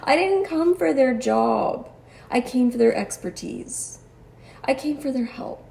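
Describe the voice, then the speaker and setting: A woman's voice: sits high, expressive, measured pace, vocal fry, darkish tone. A woman telling her own story as a patient in a personal monologue, articulate and precise, with a wry, exasperated edge. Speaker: cancer patient sharing her experience.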